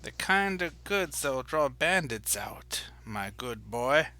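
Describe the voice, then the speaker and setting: A man's voice: mid-range voice, sing-song, slow, pushed and bright, full character voice. A man voicing an evasive, secretive male merchant whose voice keeps changing. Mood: haughty. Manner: switches voices mid-conversation.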